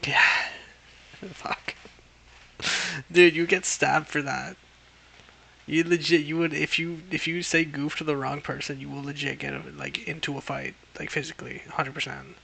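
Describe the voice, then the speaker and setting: Brief: young male streamer, gravelly and bright, rambling profane chatter. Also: fairly high pitch, flat delivery, moderate pace. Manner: profane, rambling, swears constantly. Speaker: livestreamer. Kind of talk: casual livestream chat.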